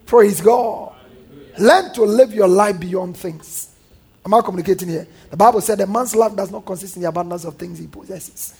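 A male pastor delivers a lively sermon. His voice sits high and sounds husky. He often turns to the congregation with call-and-response and mimics what scoffers say. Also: moderate pace.

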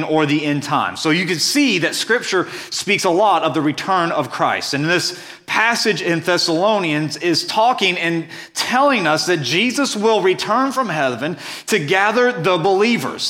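A man's voice: high-pitched, bright, forceful tone. A man preaching a sermon as pastor, reading scripture and explaining it earnestly and emphatically.

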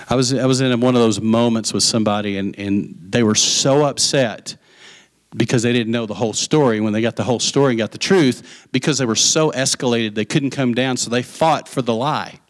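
A man preaching a sermon, retelling a Bible story with lively acted-out voices and asides to the congregation. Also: medium pitch. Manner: animated storytelling, acting out voices of the parable. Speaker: pastor.

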